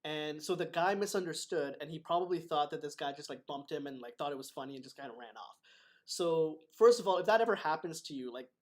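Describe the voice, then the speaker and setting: Higher-voiced man telling a story. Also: fast. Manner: animated storytelling with laughs. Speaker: martial arts instructor and host. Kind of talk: casual chat.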